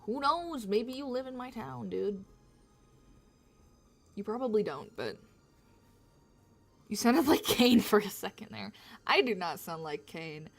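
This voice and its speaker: A woman's voice: mid-range voice, expressive, a little slow, gravelly, long pauses, soft background music. A woman livestreamer chatting casually with her viewers in a rambling, self-mocking way. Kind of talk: casual chat with stream viewers.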